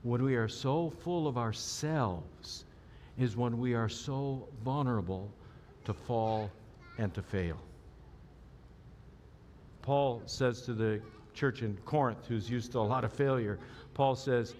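A man's voice: mid-range voice, slow pace, pauses often, a little mellow, a little hiss or hum. A man preaching a sermon as pastor, conversational and often asking the audience questions. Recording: long hall reverb.

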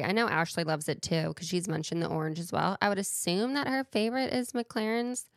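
A woman's voice: on the low side, no room sound, studio quality. A woman hosting a casual solo talk show with a playful, chatty way of wandering into tangents. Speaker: podcast host.

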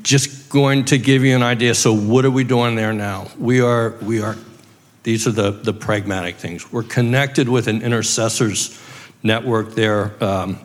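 A man's voice: lowish voice, steady tone, a little slow. A man wrapping up a church presentation in a plain, matter-of-fact way. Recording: long reverb of a large hall.

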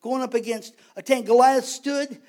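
A man's voice: very high voice, steady tone, moderate pace, a little mellow. A man preaching a sermon as pastor, conversational and emphatic, repeating his points for weight.

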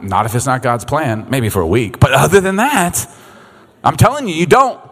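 A middle-aged man preaching a sermon as pastor, in a conversational, animated way, often slipping into little acted-out voices. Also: medium pitch, moderate pace. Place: church sanctuary. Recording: reverberant hall.

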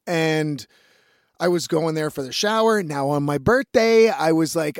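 A man's voice: a little high, animated, unhurried, no echo, clean studio sound. A male musician telling a rambling story in a casual monologue, swearing often and laughing as he goes.

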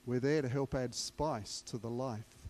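A man's voice: mid-range voice, fairly even intonation, unhurried, darkish tone. A man preaching a sermon, emphatic and repeating key words for weight.

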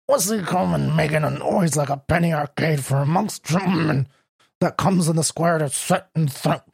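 A man reading a scruffy, hoarse park loafer who heckles in rough slang. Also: a little high, normal speed, darkish tone, no echo, studio quality. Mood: heckling.

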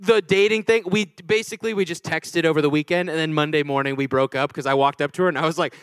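A young adult man preaching a sermon, telling a funny personal story in a chatty, animated way and checking in with the congregation. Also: on the high side, fast, clear, resonant tone, no room sound. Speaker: pastor.

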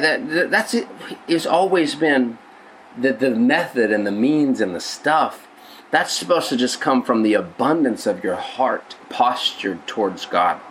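A male pastor preaching in an easygoing, conversational way. He restarts his sentences often and repeats words as he thinks aloud. His voice sits at a middling pitch. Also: a bit bright, slight background noise, low-quality recording. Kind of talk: conversational sermon podcast.

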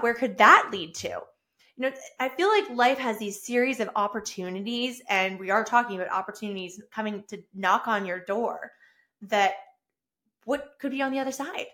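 A woman hosting her own solo podcast, talking in an effusive, upbeat way that rambles with restarts. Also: medium pitch. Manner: effusive and upbeat, gushing with excitement. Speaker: podcast host. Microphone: own camera and mic.

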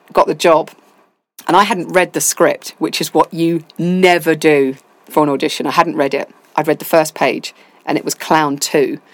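Woman guest, low register, dry close sound, chatty storyteller acting out quotes. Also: no echo. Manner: animated storytelling with quoted asides. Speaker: deputy head of school, interview guest. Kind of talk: casual interview chat.

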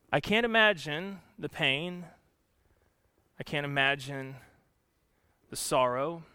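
A male pastor preaching a sermon, telling the story with drama and swinging from loud emphasis to hushed, somber lines. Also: fairly high pitch, smooth, no room sound.

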